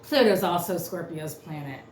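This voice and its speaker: A woman's voice: on the low side, expressive, moderate pace. A woman giving an unscripted tarot reading, ranting bluntly and cursing freely. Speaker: tarot reader. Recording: roomy echo, faint noise.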